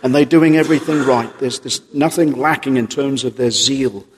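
A man's voice: medium pitch, normal speed, a little hiss or hum. A man preaching a sermon in an earnest, emphatic way, reading old-style scripture aloud. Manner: earnest, emphatic, quotes King James scripture. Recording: long reverb of a large hall.

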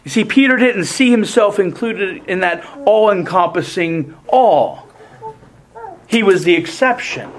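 A man preaching a sermon in a deliberate, emphatic way, often restarting his phrases. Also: high voice, expressive.

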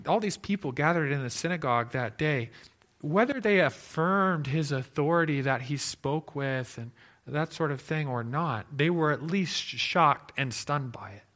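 Bright-voiced male preacher. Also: a little high. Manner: expressive preaching, shifting from loud emphasis to hushed tones. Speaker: pastor. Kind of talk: sermon.

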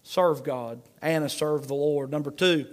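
A man with a high voice preaches a sermon, driving home each point through repetition. His delivery is emphatic and steady, with scripture read aloud between points. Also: unhurried. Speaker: pastor.

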